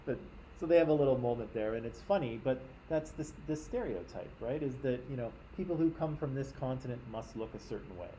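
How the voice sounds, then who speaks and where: A man's voice: mid-range voice, lively intonation, fast, warm tone, slight background noise, low-quality recording. A man from Canada, teaching a class in a conversational lecture and often checking in with his listeners.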